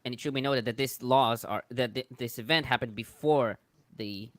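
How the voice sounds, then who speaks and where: A man's voice: mid-range voice, normal speed, a bit bright, no room sound. Guy on a video call panel chiming in with scholarly corrections, dry sound. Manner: scholarly, precise, adds corrections. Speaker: panel guest. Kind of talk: casual panel discussion.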